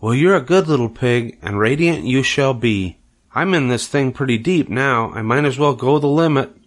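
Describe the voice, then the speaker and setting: An older man voicing a patient, kindly female spider who gives brisk, coaxing instructions in a storybook reading. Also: medium pitch, voice pushed up, lightly acted. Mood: affectionate.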